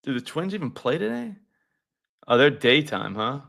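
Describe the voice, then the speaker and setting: Male stream host, bright voice, casual and salty, banters with the chat. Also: mid-range voice, very animated, normal speed, vocal fry. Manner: loose, profane, talks to chat viewers. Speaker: sports betting show host.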